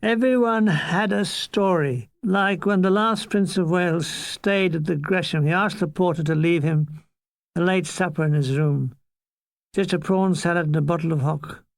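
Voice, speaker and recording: An older Irish man reads his war memoir aloud in a high-pitched, gravelly voice, the recording dry. His memoir narration is wryly comic, with quick asides and mock voices thrown in.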